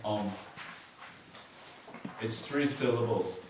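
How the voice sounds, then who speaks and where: A man giving a Buddhist teaching, explaining slowly and repeating key words, with dry humor. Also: on the low side, noisy background. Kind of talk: dharma teaching. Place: meditation hall. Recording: echoey hall from far off.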